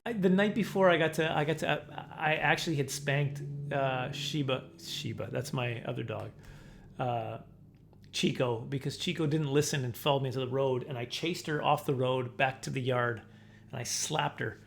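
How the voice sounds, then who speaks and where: A man's voice: medium pitch, normal speed, creaky, background noise. A man telling a rambling, self-mocking comic story about his childhood, often acting out the voices of the people in it. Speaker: comedian telling a personal story. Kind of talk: casual storytelling monologue.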